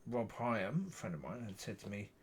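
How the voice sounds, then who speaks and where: A man's voice: lowish voice, very animated, normal speed, a little hiss or hum. A man giving a rambling personal faith testimony to camera, often repeating and correcting himself. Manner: meandering, repeats himself, frequent self-corrections. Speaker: Christian vlogger.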